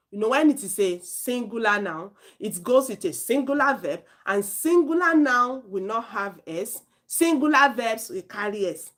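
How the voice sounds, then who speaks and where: A Nigerian woman talks students through IELTS speaking tips in a loose, conversational lesson. Her voice sits at a middling pitch for a woman, and her delivery is animated and chatty. She restarts and corrects herself as she goes. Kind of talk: informal spoken lesson.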